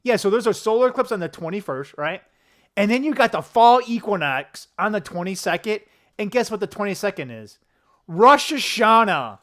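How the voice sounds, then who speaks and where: Middle-aged male vlogger, loose profane monologue, lively pitch swings, sits slightly high. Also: moderate pace. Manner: profane, laughing, tangent-prone, animated swings in pitch. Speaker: political vlogger. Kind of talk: rambling casual monologue to camera. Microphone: camera close up at a desk.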